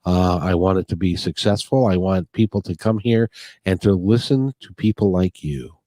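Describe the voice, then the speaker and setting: A man's voice: sits low, moderate pace, mellow, dry recording, clean studio sound. A man hosting a podcast interview, talking in an earnest, rambling way full of restarts. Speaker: podcast host. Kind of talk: casual interview talk. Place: near Puget Sound.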